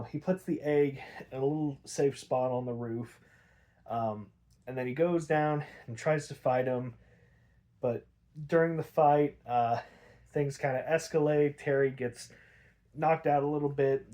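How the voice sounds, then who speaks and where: A man hosting a podcast, giving a casual, animated recap full of "like" and fillers, with some swearing. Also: fairly high pitch. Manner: animated, chatty, frequent "like" and fillers, swears freely. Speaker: podcast host.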